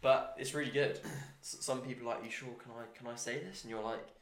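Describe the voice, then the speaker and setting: A man's voice: mid-range voice, steady tone, fast, echoey room. A man from England with a posh English accent, chatting as a podcast guest and prompting the others. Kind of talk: casual chat.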